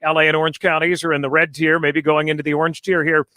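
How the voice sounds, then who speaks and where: Male correspondent guest, slightly higher voice, dry sound, easygoing delivery. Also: fast talker, no room sound. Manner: relaxed, joking, easygoing. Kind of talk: casual chat then news report.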